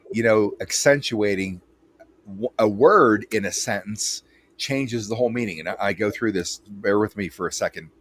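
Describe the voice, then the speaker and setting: A man hosting an interview, talking bluntly and emphatically with frequent restarts. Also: lowish voice. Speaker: interview host. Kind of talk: casual interview chat.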